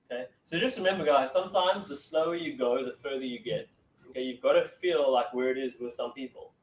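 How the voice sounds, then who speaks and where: A man's voice: medium pitch, fairly quick. A man giving a casual sales training talk to a room. He keeps saying "okay" and acts out phone calls. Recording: echoey room, mic from far off.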